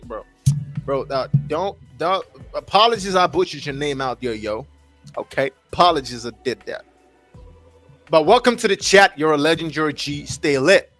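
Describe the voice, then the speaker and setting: A man hosting a casual livestream, reading an article aloud haltingly and breaking off to react and greet his chat. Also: fairly high pitch, animated, fairly bright tone, soft background music. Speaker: livestream host.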